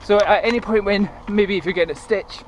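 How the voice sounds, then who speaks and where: A man's voice: high voice, fairly quick. A man in his thirties chatting casually while jogging outdoors, a bit breathless and rambling, filming himself on a camera. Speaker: running vlogger. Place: outdoors on paths near a city. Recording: outdoor noise, planes and traffic. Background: traffic and aircraft noise.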